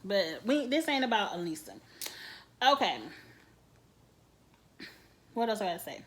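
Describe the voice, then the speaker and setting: A woman hosting a casual reality TV recap vlog, talking in an animated, gossipy way and laughing often. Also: mid-range voice, measured pace.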